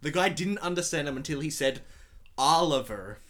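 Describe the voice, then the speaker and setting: A man's voice: on the high side, fast talker, fairly bright tone. A man co-hosting a film commentary, chatting casually and adding dry explanations.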